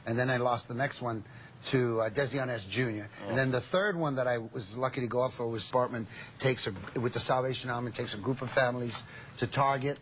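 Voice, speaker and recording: Older male actor, interview guest, excitable and rambling, mid-pitched everyday voice. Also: a little fast, slight background noise. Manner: excitable, rambling with frequent restarts. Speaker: actor interviewed about a film. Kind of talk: casual interview.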